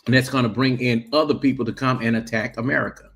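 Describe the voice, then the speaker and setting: A man's voice: medium pitch, fairly even intonation, fast, vocal fry, a bit bright, slightly rough, faint music behind. A man on a livestream panel who chimes in with blunt opinions. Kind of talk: casual panel chat.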